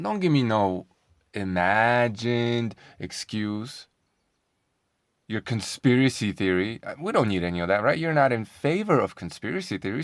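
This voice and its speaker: A man's voice: lowish voice, no echo, studio quality. A man talking in a casual commentary vlog, sarcastic and combative, firing off rhetorical questions. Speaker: online commentator.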